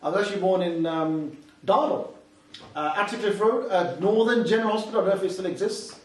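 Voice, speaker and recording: A man in his forties from England tells stories to a youth audience with a chatty, personal manner and quick asides to the listeners. His voice sits high for a man. He is picked up from far off in a strongly echoing hall. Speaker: Islamic youth speaker. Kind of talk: motivational talk to a youth audience.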